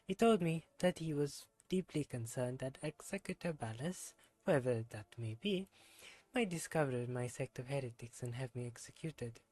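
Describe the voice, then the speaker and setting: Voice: medium pitch, expressive, moderate pace, darkish tone, natural voice, rough recording. A streamer reading game dialogue in a put-on French accent as a melancholy, pious scholar, formal and mournful. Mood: wistful.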